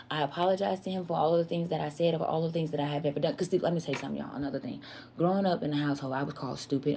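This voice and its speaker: A woman with a low, mellow, slightly rough voice tells her viewers a candid personal story in an earnest, confessional tone. She repeats herself for emphasis and often addresses them as "y'all."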